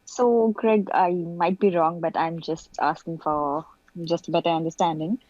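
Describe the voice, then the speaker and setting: A woman's voice: on the low side, steady tone, normal speed, darkish tone, dry recording, highs cut off. A woman student politely asking a tentative question in an online class.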